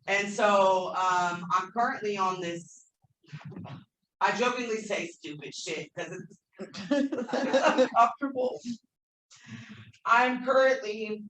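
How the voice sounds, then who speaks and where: A woman's voice: medium pitch, slow pace, long pauses, fairly bright tone. A woman speaking candidly at a recovery convention workshop, emotional and self-deprecating, with some swearing. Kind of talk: personal recovery share. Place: convention meeting room. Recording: echoey room, faint noise.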